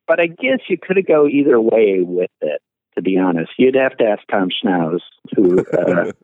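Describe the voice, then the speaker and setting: Midwestern man, actor guest phoning in; animated, self-mocking, halting; muffled call audio. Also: fairly low pitch, dry recording. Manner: self-deprecating, laughs often, halting restarts. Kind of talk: podcast interview by phone.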